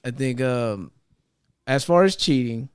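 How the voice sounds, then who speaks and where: Lively, smooth-voiced young man, dry sound. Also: mid-range voice, unhurried, no room sound. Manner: stammers and restarts while giving his opinion. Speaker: podcast co-host. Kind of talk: casual chat.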